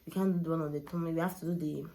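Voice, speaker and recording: Young woman, low pitched, a bit of fry, emotional first-person storytelling. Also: steady tone, very fast, mellow. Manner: candid, emotional, retelling with quoted dialogue. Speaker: vlogger.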